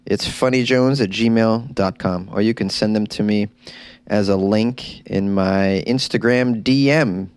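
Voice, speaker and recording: A man's voice: lowish voice, unhurried, smooth, no room sound. A man hosting a comedy podcast, riffing in a jokey, rambling, self-mocking monologue on a close mic.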